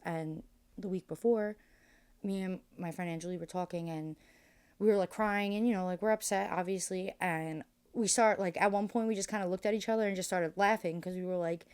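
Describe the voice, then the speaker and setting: A woman's voice: fairly low pitch, a little mellow, clear, resonant tone. A young woman as a podcast guest, speaking candidly and emotionally, rambling with lots of fillers. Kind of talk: candid interview conversation.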